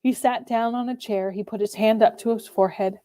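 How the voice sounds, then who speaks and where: A woman giving an expressive, measured dramatic reading of a classic novel as a first-person narrator. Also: on the high side, no room sound. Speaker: reader.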